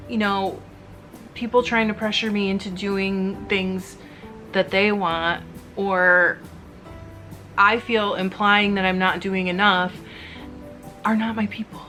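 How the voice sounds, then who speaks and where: A middle-aged woman chats candidly with her viewers while spinning wool. Her voice sits at an ordinary mid pitch and turns slightly teary as she rambles through asides. Faint music plays under her. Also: steady tone, takes it slowly, pauses often, bright, forceful tone. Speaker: fiber arts YouTuber.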